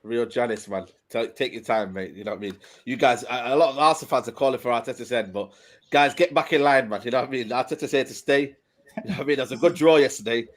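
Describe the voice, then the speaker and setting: A man's voice: medium pitch, fast. A man with a London accent in casual football chat, rambling and often saying "you know what I mean". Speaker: podcast co-host.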